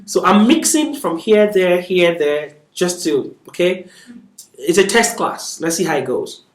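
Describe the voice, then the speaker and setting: A man with a high, animated voice speaks a little slowly as he teaches a beginner Arabic lesson, patiently checking in often with his learners. He chuckles lightly between points. The recording sounds echoey, as if he's standing away from the mic in a reverberant room.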